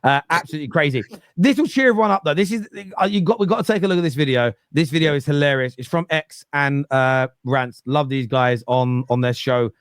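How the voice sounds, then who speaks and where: Animated football podcast host. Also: male voice, on the high side, brisk, hardly any pauses, smooth, dry recording, clean studio sound. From England. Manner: animated, emphatic, repeats words. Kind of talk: casual football podcast chat.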